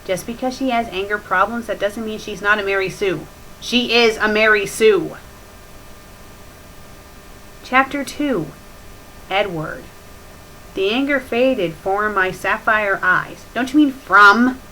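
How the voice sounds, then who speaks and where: A woman with a bright, tense voice reads a story aloud in a deadpan tone, then snaps into mocking, exasperated commentary. She plays the sarcastic host of a critique show. A faint hiss sits under the recording. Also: mid-range voice, takes it slowly, long pauses, rough recording. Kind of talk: sarcastic dramatic reading with commentary.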